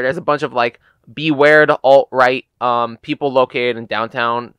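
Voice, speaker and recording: A man's voice: mid-range voice, fairly bright tone, smooth, dry recording. A young American man tells a casual, profane, rambling story in his vlog, full of filler words. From United States. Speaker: gaming YouTuber.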